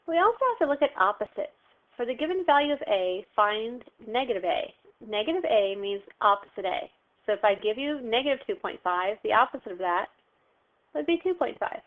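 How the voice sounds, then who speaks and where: A woman's voice: on the high side, lively intonation, a little fast. Woman teaching math on a tinny line. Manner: patient, step-by-step, asks and answers own questions. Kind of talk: recorded video lesson. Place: home, phone heard behind. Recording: tinny phone-like sound.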